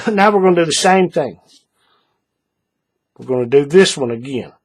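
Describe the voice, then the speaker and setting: A man calmly talking through a paracord bracelet tutorial step by step, patient and repetitive, often checking in with the viewer. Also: a little high, moderate pace. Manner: patient, repeats steps, checks in with "all right?". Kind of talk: hands-on craft tutorial.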